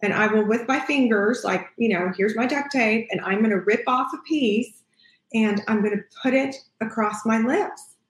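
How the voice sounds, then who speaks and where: A woman's voice: on the high side, normal speed. A middle-aged woman hosting a parenting podcast as a child therapist, talking casually and acting out the things she says to kids. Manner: warm, conversational, acts out what she says to kids. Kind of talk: casual advice talk. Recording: echoey room.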